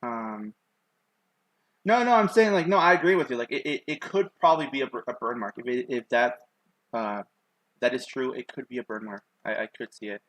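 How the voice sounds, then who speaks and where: A man's voice: medium pitch, animated, brisk, a bit bright, no room sound. A young man streaming himself sketching, rambling in casual chat with his viewers and filling gaps with lots of ums and likes. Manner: rambling, many fillers, chatting to viewers. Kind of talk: casual chat while drawing.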